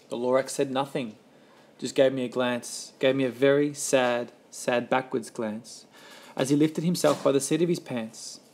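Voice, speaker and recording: A man's voice: mid-range voice, a little hiss or hum. Man reading a rhyming storybook. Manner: rhythmic rhyming delivery, lively emphasis. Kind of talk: storybook read-aloud.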